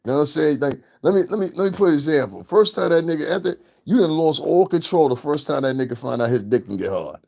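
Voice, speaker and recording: Gravelly dark-voiced guy ranting and cussing at his stream chat, dry close sound. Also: on the high side, animated, fast talker, hardly any pauses, no room sound. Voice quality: crude, roasting, laughs often. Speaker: livestream host. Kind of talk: casual profane commentary to chat.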